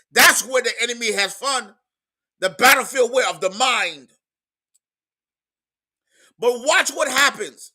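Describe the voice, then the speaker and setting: Man, preacher, sermon, high voice, very bright tone, emphatic, repeats himself. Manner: emphatic preaching, repeats words, swings from soft to loud.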